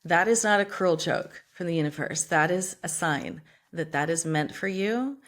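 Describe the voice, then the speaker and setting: A woman's voice: fairly low pitch, normal speed. A woman author speaking as a podcast guest in a passionate, emphatic, motivational way, casually swearing. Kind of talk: motivational interview talk.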